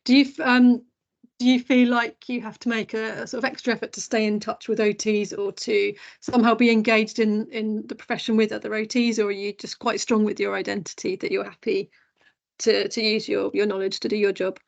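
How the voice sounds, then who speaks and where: A woman with a gravelly, creaky voice hosts a casual interview. She asks considered questions and answers her guest with steady, encouraging agreement. Her pitch sits in an ordinary middle range. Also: fairly quick, lo-fi sound. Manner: encouraging, frequent affirming backchannels. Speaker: podcast host.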